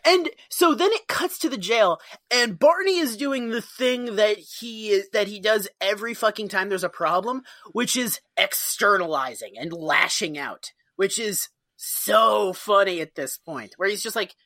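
Lively, bright woman riffing with disgust. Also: medium pitch, measured pace, hardly any pauses, no echo, clean studio sound. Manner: expressive, profane, disgusted riffing with laughter. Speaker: podcast co-host. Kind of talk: casual comedic recap chat.

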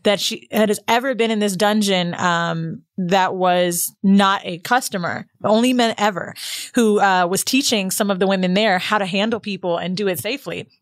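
A woman co-hosting a podcast, telling stories in casual chat, profane and animated, acting out what people said and laughing often. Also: medium pitch, normal speed. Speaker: podcast co-host.

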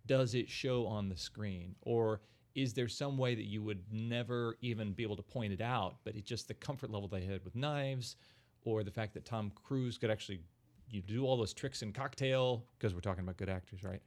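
A man's voice: fairly low pitch, normal speed, a little mellow. Middle-aged male podcast host, chatty storyteller, loose and amused. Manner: anecdotal storyteller, laughs while talking. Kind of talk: casual chat.

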